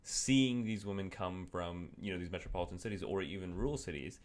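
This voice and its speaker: Young host from India, deep voice, thoughtful and reflective. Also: male voice, animated, fairly quick. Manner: thoughtful, restarts his phrasing. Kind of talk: conversational interview.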